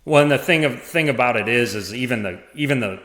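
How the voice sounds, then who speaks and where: A man talking as a podcast guest, in a halting way with many restarts and small laughs. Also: mid-range voice, a bit bright. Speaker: podcast guest, former parish administrator. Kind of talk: casual conversation. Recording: roomy echo.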